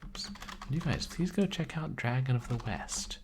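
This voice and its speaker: A man streaming a text adventure who chats with viewers, mutters his typed commands and reads the game's narration aloud in a measured storytelling voice. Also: mid-range voice, sing-song, noisy background. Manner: chatty, greets and thanks viewers, muses aloud over puzzles. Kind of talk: live game stream, reading game text aloud.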